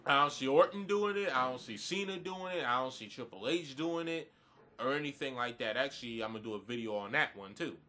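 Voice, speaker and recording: A man's voice: medium pitch, bright, forceful tone. A man giving a blunt, profane, rambling review of a wrestling event in a casual rant, groggy this morning.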